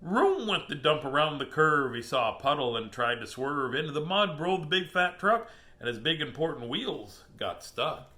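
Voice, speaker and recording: A man's voice: fairly high pitch, moderate pace, hardly any pauses, bright, forceful tone. A man hosting a casual storytime, reading children's books aloud with jokes and asides. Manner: playful, jokey, laughs at his own puns.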